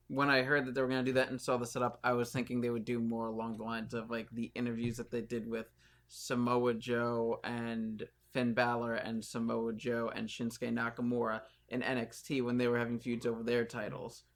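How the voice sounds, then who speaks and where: A man co-hosting a podcast in laid-back casual chat, now and then doing mocking impressions. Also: medium pitch. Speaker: podcast co-host.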